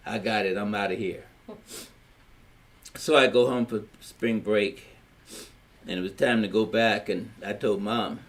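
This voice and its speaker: Older man, Louisiana accent, rambling family storyteller, plain-spoken. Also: fairly low pitch. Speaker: family elder telling his story. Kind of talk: storytelling in a family history recording.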